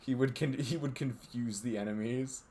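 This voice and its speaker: A man's voice: mid-range voice, steady tone, normal speed, dark tone, a little hiss or hum. A man streaming with friends, reading visual novel narration aloud and chatting and laughing between passages. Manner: reads steadily, then laughs and banters. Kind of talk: narration read aloud, casual chat with friends.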